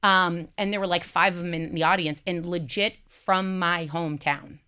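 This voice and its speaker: A woman in her forties from Iowa, co-hosting a casual podcast chat with lively, jokey asides. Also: lowish voice, clean tone. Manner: animated, jokey, quick asides. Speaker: co-host and guest on a talk podcast.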